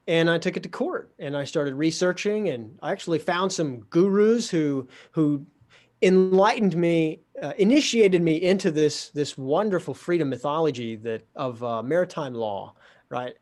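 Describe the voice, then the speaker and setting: Man, storytelling, wry, animated, fairly high voice. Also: moderate pace. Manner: animated, wry, acts out quoted dialogue. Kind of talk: storytelling in a conversation.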